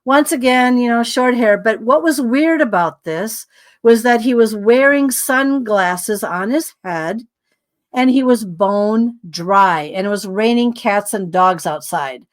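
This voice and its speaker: A woman's voice: fairly high pitch, slow pace. Woman telling a rambling anecdote. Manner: rambling, animated retelling with many asides. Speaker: guest. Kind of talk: storytelling in a podcast interview.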